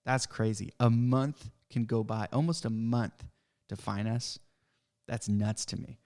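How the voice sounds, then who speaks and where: A man's voice: medium pitch, fairly even intonation, unhurried, a little mellow. A man who owns a pest control business, hosting a podcast and venting in a frustrated, worked-up way about an inspection. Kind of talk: casual podcast rant.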